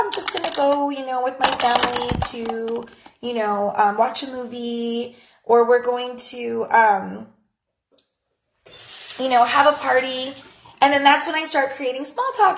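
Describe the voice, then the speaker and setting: A woman's voice: normal speed, slight background noise. A woman in her thirties giving casual social media tips for her jewelry business, chatty and acting out little conversations. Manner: chatty, acts out conversations in a high bright voice. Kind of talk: casual talk to camera. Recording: echoey room.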